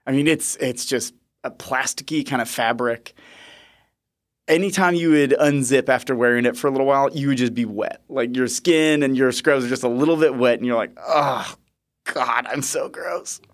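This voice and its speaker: A man in his thirties, a podcast host and nurse, telling a story in a lively, chuckling way. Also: mid-range voice, a little fast. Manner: lively, chuckling, animated retelling. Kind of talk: casual storytelling.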